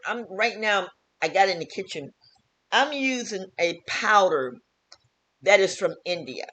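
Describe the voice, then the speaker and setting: A woman's voice: medium pitch, a bit bright. A woman, a health vlogger and teacher, talking earnestly and repetitively in a casual home wellness vlog from her kitchen.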